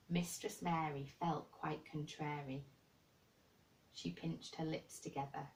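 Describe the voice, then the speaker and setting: Slow, low-voiced woman reading a storybook. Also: fairly even intonation, darkish tone, distant mic, low-quality recording. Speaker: storyteller reading a children's novel. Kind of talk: book reading aloud.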